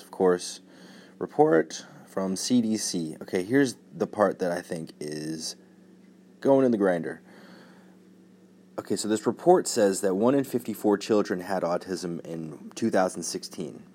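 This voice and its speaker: Male podcaster, somewhat low voice, dry sarcastic delivery that hides the joke, rambles through news with fillers. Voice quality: says his tone is neutral and flat. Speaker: podcast host. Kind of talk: solo podcast news commentary.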